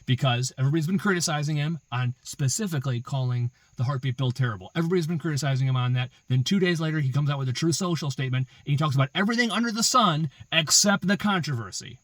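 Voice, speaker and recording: A man's voice: a little high, fast talker, hardly any pauses, a bit bright, dry recording. Male host, emphatic opinion monologue, repeats his points, dry close sound. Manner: emphatic, repetitive, building arguments with rhetorical questions. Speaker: political commentary host.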